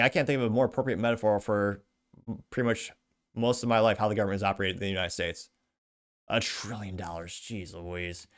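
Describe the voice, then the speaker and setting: A man hosting a commentary show, reading viewer comments aloud and adding blunt, sarcastic asides. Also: medium pitch. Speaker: host.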